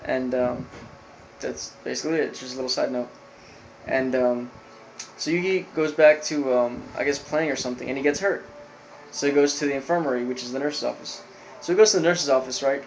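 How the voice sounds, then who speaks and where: A man's voice: medium pitch, fairly quick, a little hiss or hum, low-quality recording. A man reviewing an anime episode, retelling the plot in a loose, rambling way with lots of fillers. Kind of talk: casual spoken recap.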